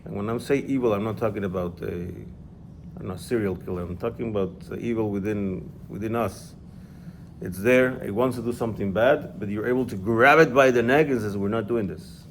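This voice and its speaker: Male teacher, lowish voice with some fry, patient explainer in a casual one-on-one class. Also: a little fast, a little hiss or hum. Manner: explanatory, checks in with "yeah?". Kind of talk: informal religious class.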